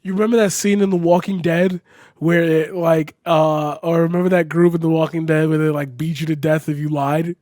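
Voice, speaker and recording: A man's voice: on the high side, flat delivery, a little fast, a little mellow, no room sound, studio quality. Angry ranting streamer guy. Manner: swearing, ranting, repeats himself. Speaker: live streamer reacting to a video. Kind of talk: angry reaction commentary.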